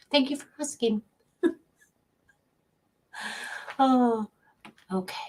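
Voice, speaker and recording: Woman, middle-aged, psychic medium host, casual livestream chat, unhurried, chatty, laughs easily. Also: high voice, animated, a little mellow. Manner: chatty, greets viewers by name, laughs often.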